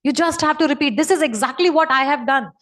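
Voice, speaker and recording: A woman's voice: sits high, quick pace. A woman giving an emphatic, repetitive motivational talk over a video call. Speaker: motivational speaker.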